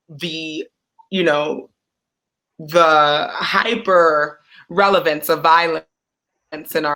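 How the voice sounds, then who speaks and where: A woman's voice: on the low side, pushed and bright, low-quality recording. A woman poet and author answering a student's question, thinking aloud with many restarts. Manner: searching, full of restarts.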